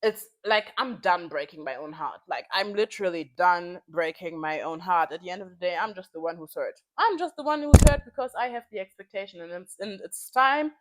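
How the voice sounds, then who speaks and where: A woman's voice: fairly low pitch, brisk, few pauses. A woman in her twenties venting in a casual vlog, frank and heated, swearing freely and repeating phrases for emphasis. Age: 20s. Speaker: vlogger.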